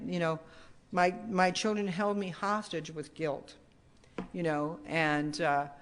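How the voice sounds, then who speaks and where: Older woman, recovery meeting speaker, rambling testimony full of restarts and asides. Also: on the low side. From United States. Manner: rambling, restarts often, many "you know"s. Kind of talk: personal testimony talk. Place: meeting hall.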